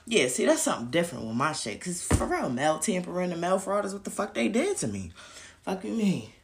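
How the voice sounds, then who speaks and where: A woman's voice: on the low side, sing-song, a little fast, noisy background. A woman giving a casual, profane, blunt rant to her viewers. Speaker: vlogger. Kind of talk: casual ranting livestream.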